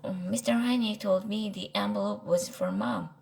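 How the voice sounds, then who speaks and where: A woman's voice: medium pitch, big pitch swings, normal speed, gravelly, a little mellow, slight background noise, low-quality recording. A woman reading as Arthur, a fretful boy aardvark. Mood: worried. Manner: anxious, rambling excuses. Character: worried young boy aardvark, fretful and evasive.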